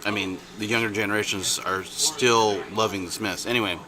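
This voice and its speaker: A man's voice: fairly low pitch, steady tone, moderate pace, a crowd in the background. A man co-hosting a casual podcast chat, telling a long story with many restarts and bursts of laughter. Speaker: podcast co-host.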